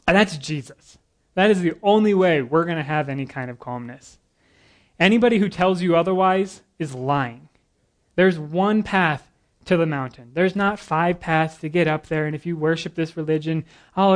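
A man preaching a sermon to a congregation, earnest and a little nervous, with casual asides and jokes between the scripture readings. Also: fairly high pitch. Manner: earnest, nervous but lively, with asides and humor. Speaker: guest preacher.

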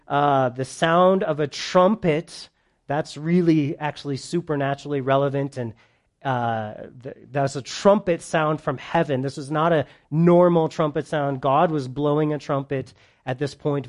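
A male pastor with a high, bright voice that climbs sharply when he gets excited. He teaches verse by verse before a live audience, joking and bantering with his listeners. His volume swings between loud bursts and soft, quiet asides. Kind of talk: sermon, verse-by-verse Bible teaching.

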